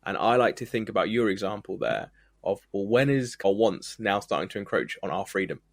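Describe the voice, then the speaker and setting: A man co-hosts a podcast in a reflective conversation, working through ideas carefully and backing his points with examples. His voice is fairly low and fairly quick, recorded with studio quality and no echo.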